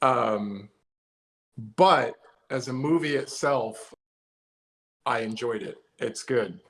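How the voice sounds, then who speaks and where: A man's voice: mid-range voice, slow, gravelly, a bit bright, rough recording. A man co-hosting a casual podcast chat from home, weighing his opinions carefully and hedging as he goes. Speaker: co-host. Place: home, remote live show during lockdown.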